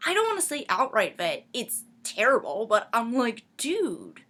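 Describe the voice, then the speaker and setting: A woman's voice: a little high, moderate pace. A woman telling a comedic story in a chatty way, full of fillers. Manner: animated, chatty, many fillers like "like".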